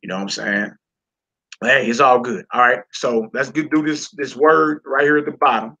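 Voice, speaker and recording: A man's voice: medium pitch, fairly even intonation, moderate pace, bright, forceful tone, highs cut off. A man teaching a reading lesson, patient and encouraging, repeating words and checking in with the learner often.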